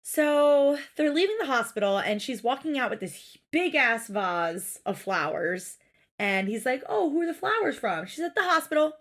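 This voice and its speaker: Woman, slightly higher voice, podcast co-host, casual exasperated ranting. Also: sing-song, normal speed, a bit bright. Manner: exasperated, swears often, mimics people in quotes. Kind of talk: casual recap chat.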